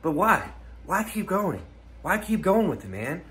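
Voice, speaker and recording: A man's voice: fairly high pitch, very animated, moderate pace, bright, forceful tone, slightly rough. A man giving a comedic, rambling rant to unseen haters, full of rhetorical questions and swearing, recorded outdoors on a hike. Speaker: comedy vlogger.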